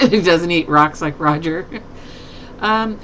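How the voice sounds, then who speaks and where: A chatty live streamer talks loosely with viewers from a home desk and laughs often. The voice sits at an ordinary middle pitch, with a faint hiss behind it. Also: takes it slowly, a bit bright, lo-fi sound. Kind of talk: casual chat with viewers.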